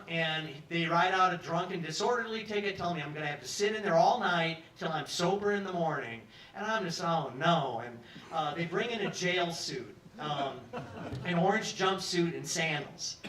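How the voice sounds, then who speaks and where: Guy doing a stand-up story in a pub, high bright voice, echoey room from far off. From New York. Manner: animated, acts out other people's lines in put-on voices. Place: pub stage with live audience.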